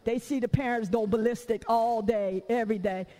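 A woman preacher giving a lively, conversational sermon in church. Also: on the high side, normal speed, long reverb tail, low-quality recording. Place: church during a service.

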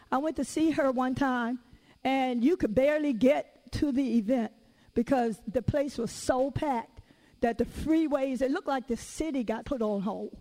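Animated high-voiced woman preacher. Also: normal speed, low-quality recording. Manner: animated, conversational storytelling with call-outs to the audience. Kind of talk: sermon.

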